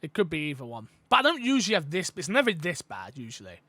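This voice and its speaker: British guy hosting a podcast, high voice, bright and bouncy, goofing around. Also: wildly swooping pitch, fast. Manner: playful, jokey, trying out silly voices. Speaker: podcast host. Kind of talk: casual podcast chat.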